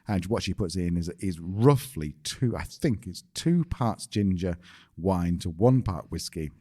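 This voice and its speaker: British man podcast co-host, very low voice, dry jokey explainer. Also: animated, measured pace, warm tone. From Britain. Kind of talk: casual chat.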